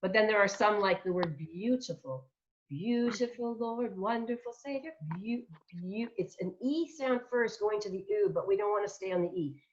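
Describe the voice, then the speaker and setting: A woman's voice: medium pitch, expressive, brisk, few pauses, slight background noise. A middle-aged woman giving a vocal masterclass, chatty and demonstrative, who sounds out example words as she explains. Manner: chatty, warm teaching asides. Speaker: vocal coach. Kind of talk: online masterclass teaching. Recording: dull lo-fi online audio.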